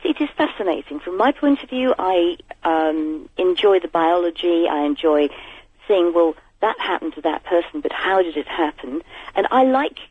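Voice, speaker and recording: A woman's voice: on the low side, breathy edge, dry recording. A woman calling in to a radio show, chatting in a rambling, giggly way over the phone. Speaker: caller. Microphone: telephone. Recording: muffled phone line.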